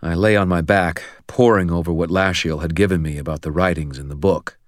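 A man reads a first-person audiobook in a very low, deep voice. His delivery is steady and measured with a wry edge, recorded close and dry with no room sound. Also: no echo. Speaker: audiobook narrator.

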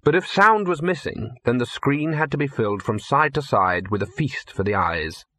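A man's voice: medium pitch, expressive, moderate pace, bright, forceful tone, no room sound. A man reading a comic fantasy story aloud in a dry, wry storytelling manner. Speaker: audiobook narrator. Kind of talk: scripted narration.

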